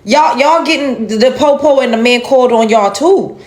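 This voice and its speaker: A woman's voice: high-pitched, moderate pace, a little mellow. A woman giving an emphatic, indignant reaction commentary on a video clip, with exasperated sighs.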